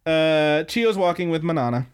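A man's voice: a little high, expressive, moderate pace, clear, resonant tone. A young man hosting an anime podcast, casually recapping episodes with loose, swearing, filler-heavy storytelling. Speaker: podcast host.

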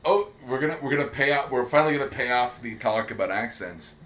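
A man's voice: mid-range voice, fast talker, echoey room, slight background noise. A man co-hosting a podcast in casual chat, joking and rambling with lots of energy. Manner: jokey, rambling, animated. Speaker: podcast co-host.

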